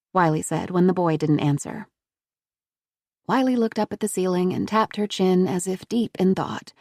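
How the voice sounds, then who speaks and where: Woman reading an audiobook, low gravelly voice, dry close sound. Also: no echo. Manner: measured, even storytelling. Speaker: audiobook narrator. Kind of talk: scripted audiobook narration.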